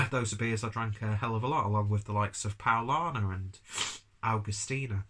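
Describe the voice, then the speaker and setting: A man reviews a beer in a loose, rambling vlog style and swears now and then. He is coming down with a cold. His voice sits fairly low. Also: moderate pace, bright, forceful tone, slight background noise. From United Kingdom. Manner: rambling, chatty, casual swearing.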